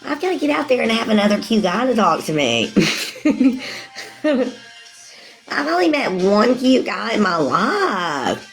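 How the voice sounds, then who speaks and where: A woman's voice: a little high, big pitch swings, measured pace, pauses often, soft background music. A woman in her forties chatting casually with livestream viewers, rambling, calling them sweetie and laughing often. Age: 40s.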